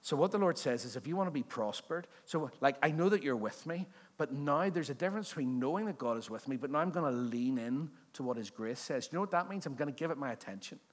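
A man's voice: mid-range voice, expressive, fast talker, hardly any pauses. A male pastor preaching a sermon in a conversational, joking way, often asking the congregation questions. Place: church service before a congregation.

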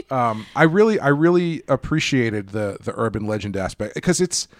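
A man in a casual podcast movie chat, speaking at an ordinary pitch. He stops and restarts his thoughts often and laughs easily. The recording is dry, with no room sound. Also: animated, moderate pace, no room sound. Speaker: podcast co-host.

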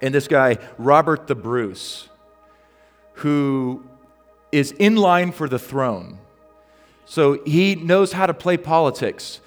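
A man's voice: fairly high pitch, animated, slow pace, pauses often, faint music behind. Male pastor, sermon, conversational storytelling, ums and restarts, long church reverb.

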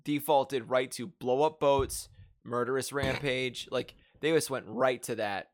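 A man's voice: mid-range voice, steady tone, unhurried. Wry man joking about a movie. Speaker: podcast co-host. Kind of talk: casual movie discussion.

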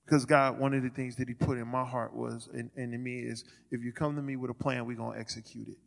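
A man giving a sermon testimony as a ministry leader, stammering and restarting, swinging from quiet asides to loud declarations. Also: mid-range voice, little pitch movement, quick pace, creaky, in a large hall.

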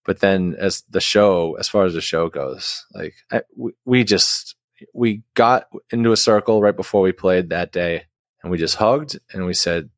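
A man's voice: low voice, normal speed, dry recording, clean studio sound. A man who is a guest musician, telling a long story in a casual interview, rambling with many restarts and fillers.

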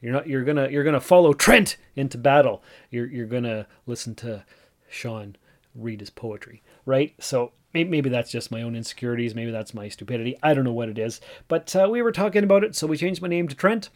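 A man in his forties hosts a solo podcast in a medium-pitched, darkish voice, talking a little fast. He's casual and self-deprecating, rambling along and restarting often.

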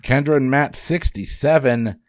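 A man hosting a trivia podcast, running the quiz in brisk, upbeat patter. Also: medium pitch, no room sound, clean studio sound.

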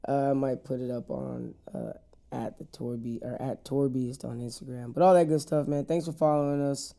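A man's voice: medium pitch, steady tone, normal speed, vocal fry, warm tone. A man hosting a podcast, chatting casually and joking through laid-back stories. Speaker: podcast host. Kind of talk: casual interview chat.

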